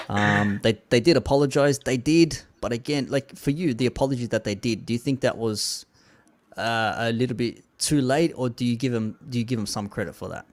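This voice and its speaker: A man hosts a casual commentary show, reading viewer comments in a laid-back way and frequently dropping "man" and "like." His voice is mid-range and fairly quick.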